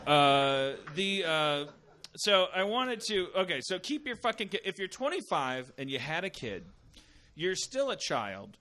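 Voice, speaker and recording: A bright, high-pitched man tearing into a comedic rant on a podcast, swearing freely. His voice swings wildly up and down as he slips into mocking impressions. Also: very animated, measured pace. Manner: profane, exasperated, bursts into high mocking voices. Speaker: podcast host.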